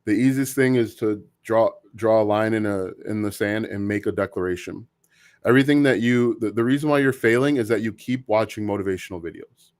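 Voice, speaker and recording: A man hosting a casual live Q&A stream, talking in an opinionated, halting way with many restarts. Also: lowish voice, darkish tone. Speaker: livestream host answering viewer questions.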